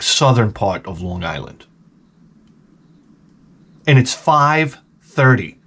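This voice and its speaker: A man, telling a profane, rambling story in a casual vlog. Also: medium pitch. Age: 40s. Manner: animated, profane, repeats himself. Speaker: vlogger.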